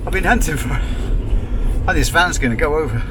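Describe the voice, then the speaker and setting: A man's voice: on the high side, lively intonation, moderate pace. A man in his fifties, a van-life photographer, chatting casually and rambling with lots of ums and self-mocking asides. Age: 50s. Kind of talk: casual vlog chat to camera. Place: on a windy coast, in and around a van. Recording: far from the mic with loud wind noise.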